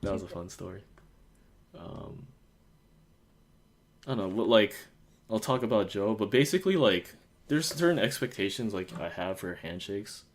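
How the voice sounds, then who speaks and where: A man's voice: on the low side, lively intonation, moderate pace, pauses often. A young man from the United States telling stories in a casual podcast chat, rambling with lots of fillers and acting out quotes. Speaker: podcast host.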